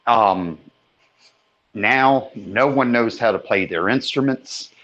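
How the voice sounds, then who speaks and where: A man hosting a podcast, giving slow, opinionated views with casual swearing. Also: medium pitch, fairly bright tone, highs cut off. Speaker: podcast host.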